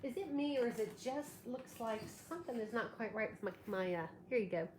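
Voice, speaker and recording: A woman's voice: fairly high pitch, animated, brisk. Chatty woman hosting a craft livestream. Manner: chatty, thanks viewers by name while demonstrating. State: a little tired, allergies. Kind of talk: live craft tutorial chatting with viewers. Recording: echoey room with faint background noise.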